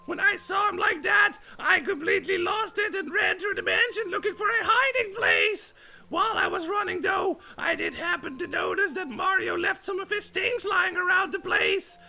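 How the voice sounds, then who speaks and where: A man voicing a frantic little mushroom man from a video game, shouting his lines in a squeaky, panicky voice. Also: normal speed, gravelly, exaggerated voice. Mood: panicked.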